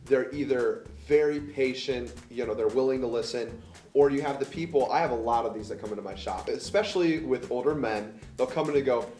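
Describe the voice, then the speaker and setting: A man's voice: mid-range voice, a little fast, a little mellow. Easygoing man in an echoey room. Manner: laid-back storyteller, quoting people in his stories. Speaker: podcast co-host. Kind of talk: casual chat.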